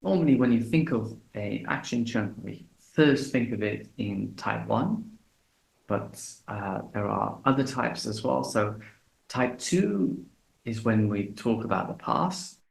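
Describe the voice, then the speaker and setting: Slow, deliberate male English teacher. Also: fairly low pitch, creaky. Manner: slow, deliberate, repeats example phrases. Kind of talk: relaxed video lesson. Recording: echoey room.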